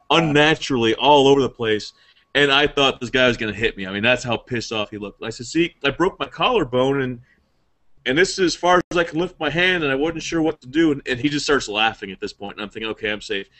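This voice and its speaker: A man's voice: medium pitch, fairly bright tone. A man on a casual podcast, telling a long profane story in a rambling way and laughing at himself. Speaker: podcast host.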